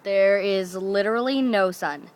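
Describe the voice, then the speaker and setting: Brief: young woman vlogger, chatty and rambling, puts on quick voices for family. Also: medium pitch, clean tone. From Alaska. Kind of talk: casual storytelling to camera.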